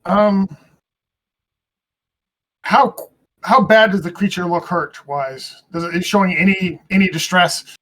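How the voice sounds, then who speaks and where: High-voiced male player asking questions. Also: a little slow, pauses often, a bit bright. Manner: questioning, checking rules. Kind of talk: tabletop game play.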